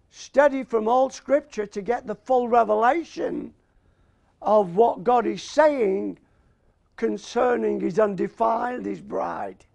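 Aussie preacher guy, high voice with lots of gravel, hammers on each word. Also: darkish tone, no room sound. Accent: Australian. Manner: slow and emphatic, repeats key words, asks "Amen?". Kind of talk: sermon.

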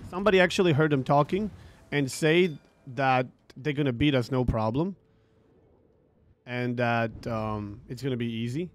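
A man's voice: mid-range voice, normal speed. A man ranting about a tournament over gameplay, frustrated and swearing, repeating himself as he tells the story. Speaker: gaming streamer.

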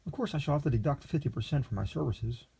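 A man voicing a greedy, smooth-talking male lawyer who speaks patiently and condescendingly. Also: mid-range voice, quick pace, dark tone, voice pushed up. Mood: scheming.

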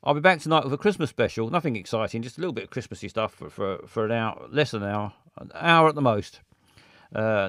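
Brief: a man hosting a stream, chatty and halting, close dry mic. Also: lowish voice, animated, fairly bright tone, no echo. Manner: rambling and hesitant, many fillers. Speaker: streamer host. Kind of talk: casual live-stream chat.

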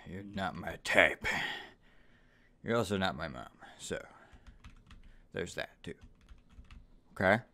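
A man giving let's-play commentary on a horror game, swearing constantly, trash-talking the game's characters and bursting into sudden yells of frustration. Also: deep voice, expressive, slow pace, pauses often. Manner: profane, frustrated outbursts and sudden yelling. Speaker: gaming YouTuber.

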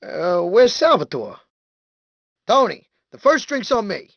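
A jittery, sleazy mobster wannabe from a crime video game. He rambles and whines in a gravelly, fry-edged voice. His pitch leaps all over the place as he frets and schemes. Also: very animated, a bit bright, no echo, dull audio, exaggerated voice. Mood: whining. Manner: whiny, panicky and fast-rambling. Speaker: game character.

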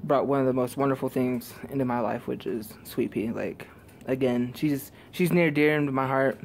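A man recording a casual vlog outdoors in a driveway, out of breath and talking in halting, quiet, earnest phrases. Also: mid-range voice, a little hiss or hum. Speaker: vlogger. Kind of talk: casual vlog talk to camera.

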